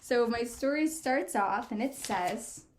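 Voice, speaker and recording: A woman's voice: fairly high pitch, takes it slowly, slight background noise. A woman librarian reading a storybook aloud to children and talking to them directly. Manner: animated, addressing kids directly.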